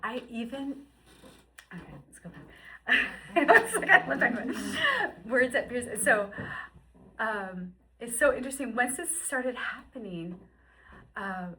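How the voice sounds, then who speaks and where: A woman in her fifties telling a personal faith testimony in an emotional, animated storytelling way. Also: fairly high pitch, unhurried, rough recording. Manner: emotional, animated storyteller who acts out quotes. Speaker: guest sharing her story.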